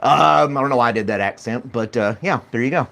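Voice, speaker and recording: A man's voice: mid-range voice, quick pace, vocal fry, bright, forceful tone. A man hosting a casual morning livestream, chatty and rambling, greeting viewers by name and laughing often. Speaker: podcast host.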